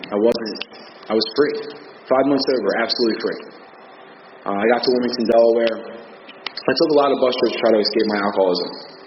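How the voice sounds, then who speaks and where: A man with an American accent giving a candid personal testimony at a recovery meeting, talking casually with many fillers. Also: mid-range voice. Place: meeting hall. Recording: echoey hall, muffled audio with background noise.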